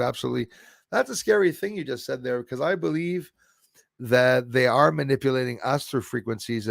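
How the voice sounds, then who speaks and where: Quebecois male streamer, mid-pitched, dry close sound, loose rambling chat with viewers. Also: vocal fry, no room sound. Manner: rambling, reads out and answers viewer comments. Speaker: live stream host. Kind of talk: casual live stream chat.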